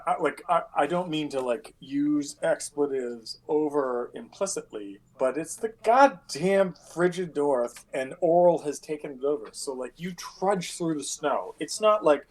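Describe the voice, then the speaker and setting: A man running a tabletop game as game master, casual and profane, acting out scenes with sound effects. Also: fairly high pitch.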